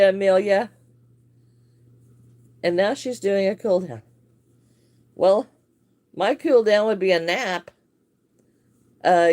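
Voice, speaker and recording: A woman's voice: medium pitch, darkish tone. A woman hosting a casual crochet livestream, chatting and greeting viewers by name with frequent laughs.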